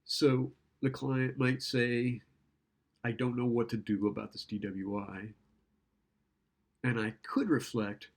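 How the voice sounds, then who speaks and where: Gravelly man giving a casual lecture. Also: medium pitch, lively intonation, unhurried, a little mellow. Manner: conversational, keeps asking "right?"; acts out client and therapist lines.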